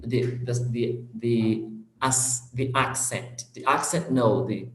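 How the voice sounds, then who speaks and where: Slow-talking man, echoey room. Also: medium pitch, a bit bright. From Brazil. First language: Portuguese. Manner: halting, searches for words, laughs easily. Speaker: host of an English practice session. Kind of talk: casual conversation.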